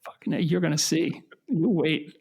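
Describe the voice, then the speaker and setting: Middle-aged dad host, husky and a touch high, rambling and self-mocking. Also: male voice, normal speed, darkish tone. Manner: rambling, hesitant, self-deprecating, many restarts. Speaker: podcast host, father of co-hosts. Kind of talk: casual comedic podcast chat.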